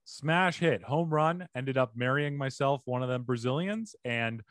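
A man's voice: mid-range voice, lively intonation, measured pace, a bit bright, no room sound, studio quality. A man hosting a comedy podcast over a remote call, joking and ad-libbing playfully in casual chat. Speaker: podcast host.

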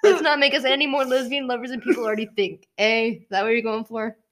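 Young woman cohost, kinda high voice, wry teasing, laughs a lot. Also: steady tone, fast. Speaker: podcast co-host. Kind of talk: casual chat.

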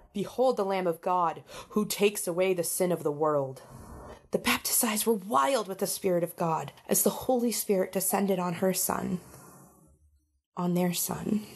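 Breathy, hushed woman storyteller. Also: mid-range voice. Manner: hushed, breathy storytelling, often near a whisper. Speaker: narrator. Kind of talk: storybook narration.

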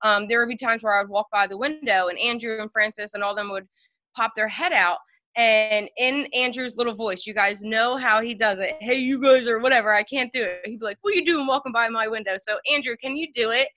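A woman tells stories on a podcast in a casual, chatty way, dropping plenty of fillers as she goes. Her voice sits fairly high and sounds bright and tense. The recording is dry and a little dull. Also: fairly even intonation, a little fast, dry recording. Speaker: podcast guest. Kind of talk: casual storytelling.

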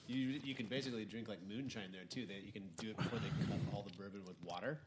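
A man's voice: fairly low pitch, quick pace, heavy background noise. A man co-hosting a podcast, chatting casually over drinks and rambling through stories with many restarts. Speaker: podcast co-host.

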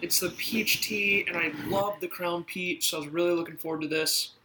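A man's voice: high voice, steady tone, normal speed, noisy background. A man in his twenties co-hosting a podcast, joking and swearing freely in casual chat. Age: 20s. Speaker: podcast co-host.

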